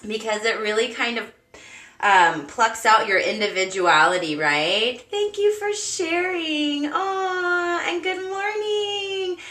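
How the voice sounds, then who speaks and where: A woman's voice: fairly high pitch, sing-song, slow pace, pushed and bright, reverberant, poor audio. A woman hosting a casual live stream at home, bubbly and chatty, greeting viewers by name and cooing at her cat.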